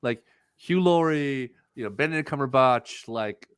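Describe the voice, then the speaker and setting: A man's voice: medium pitch, measured pace, smooth, no echo. A man hosting a casual podcast, rambling and restarting his sentences as he acts out his reactions. The recording is dry, with no room sound. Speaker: podcast host. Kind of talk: casual chat.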